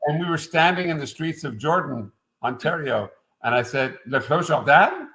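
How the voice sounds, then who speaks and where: In a casual interview, a middle-aged Quebec winemaker rambles through stories, full of "uh" fillers. His voice is a little high, gravelly and fairly bright at a moderate pace, on a rough recording with a little hiss or hum.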